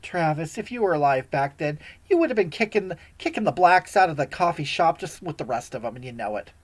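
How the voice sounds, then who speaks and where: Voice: mid-range voice, sing-song, a little fast. Someone putting on a holier-than-thou streamer woman, super preachy, voice bouncing all over, scolds chat n sighs a lot. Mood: scolding. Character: sanctimonious self-righteous woman livestreamer. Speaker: livestream host answering viewer comments. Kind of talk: satirical character livestream.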